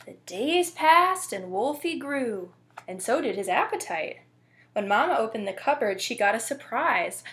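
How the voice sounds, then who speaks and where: A woman librarian reading a children's picture book aloud in an expressive, playful way. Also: fairly high pitch, measured pace.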